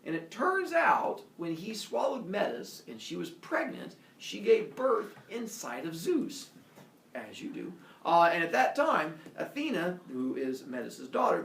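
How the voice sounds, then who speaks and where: A man teaching a class, telling a myth in an animated, playful storytelling manner. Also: on the high side, normal speed, vocal fry, a little hiss or hum. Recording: echoey classroom from a distance.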